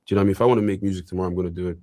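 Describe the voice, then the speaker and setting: A man's voice: low-pitched, steady tone, racing, warm tone, no echo. A young man from Ireland, talking as an interview guest in a casual, rambling way full of fillers. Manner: rambling, filler-heavy, with frequent likes and you-knows. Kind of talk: casual conversation.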